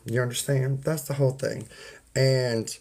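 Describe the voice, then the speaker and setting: A streamer speaks a little slowly with fairly even intonation, his medium-pitched voice slightly mellow. In this casual rant to viewers he turns folksy and preachy, saying y'all and ain't, repeating points, and naming chat members as he greets them.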